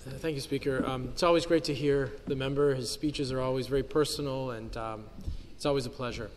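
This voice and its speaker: A man's voice: mid-range voice, steady tone, a little fast, a little hiss or hum. A man asking a polite, long run-on question in a parliamentary debate. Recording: long hall reverb.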